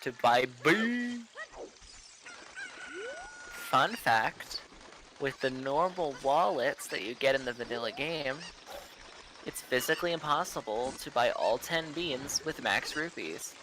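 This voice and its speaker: A man casually commentating a speedrun race, relaxed and joking, explaining game details. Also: medium pitch, unhurried, noisy background.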